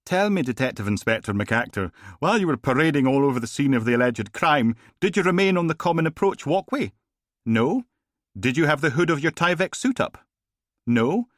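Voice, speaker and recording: Male narrator putting on a posh scottish courtroom lawyer, mocking, sneering, pitched way up, dry sound. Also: very animated, a little fast, no echo. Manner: mocking cross-examination. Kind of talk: audiobook reading.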